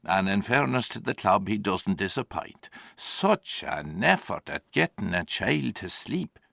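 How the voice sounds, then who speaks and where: A man's voice: lowish voice, big pitch swings, unhurried, creaky, pushed and bright, dry recording, heavily acted. An actor playing an older Irish grandfather and former farmer who tells his story in a wry, dry theatrical monologue.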